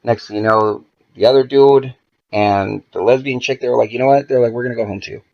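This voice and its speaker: A man's voice: mid-range voice, a little fast, gravelly, muffled recording. A man, a podcast guest, telling a story in a casual, profane way and acting out the dialogue as he goes. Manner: profane, animated, acts out quoted dialogue.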